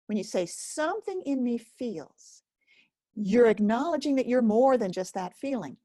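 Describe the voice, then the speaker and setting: A woman teaching a guided self-help lesson, speaking gently and slowly with many pauses. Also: a little high, lively intonation, no echo, clean studio sound. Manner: gentle, slow and pausing, speaks as if to a listener. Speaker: focusing teacher.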